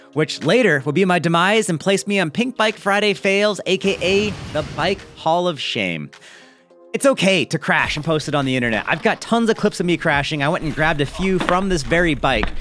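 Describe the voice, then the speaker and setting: A man hosting a mountain bike video, reading a viewer's story aloud with chatty, joking asides. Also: a little high. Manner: lively, chatty, jokey asides.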